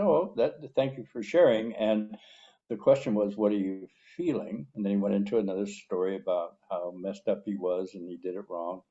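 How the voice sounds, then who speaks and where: A man co-hosting a talk show, sharing his own experience of recovery slowly and deliberately, with long pauses. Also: lowish voice, dark tone, lo-fi sound. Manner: slow, deliberate, drawn-out words with pauses. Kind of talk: reflective personal sharing. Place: a room with people.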